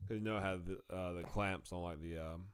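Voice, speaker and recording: A man tells a story in casual podcast chat. His voice sits a little low and sounds dry and close. He laughs through the story and slips into the voices of the people he quotes. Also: steady tone, brisk, smooth, dry recording. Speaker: podcast co-host.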